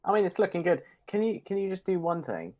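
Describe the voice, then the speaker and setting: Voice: mid-range voice, sing-song, fast talker, darkish tone. A co-host chatting casually on a stream, encouraging and reassuring with a playful streak.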